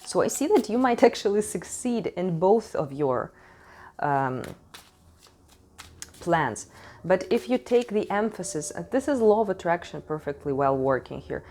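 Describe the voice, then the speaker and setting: Chatty low-voiced woman reading tarot. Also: sing-song, a little slow, a little mellow. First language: not English. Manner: chatty, frank, swears casually, laughs often. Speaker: tarot reader. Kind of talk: casual tarot reading monologue. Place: home in Switzerland. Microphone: desk microphone.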